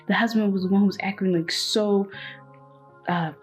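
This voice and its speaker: A young woman vlogging casually about a book, retelling the plot in an animated way and acting out quotes. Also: medium pitch, brisk, faint music behind. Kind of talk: casual chat.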